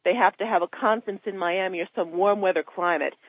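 A woman calling in to a talk radio show, ranting about politics with passion, her voice climbing high when she is upset. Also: fast talker, no room sound. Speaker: caller. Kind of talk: heated political phone-in rant. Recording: tinny phone line.

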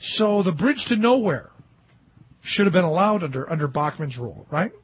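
A male radio host rants about politics in a high, raspy voice. He is animated and sarcastic and mocks his opponents. The sound is dull and lo-fi, dry and close. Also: moderate pace. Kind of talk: political commentary talk show.

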